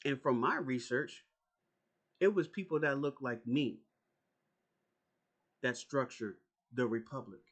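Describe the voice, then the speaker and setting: A man's voice: mid-range voice, takes it slowly, long pauses. A man delivering an angry, profane political rant as a YouTuber, confrontational and repeating his points.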